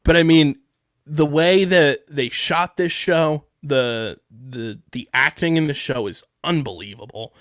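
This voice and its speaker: A man's voice: a little high, unhurried, a bit bright, no echo, clean studio sound. A man from the Philadelphia area co-hosting a podcast, talking about a TV show in a casual, rambling way with lots of fillers and restarts. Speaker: podcast co-host. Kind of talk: casual show review chat.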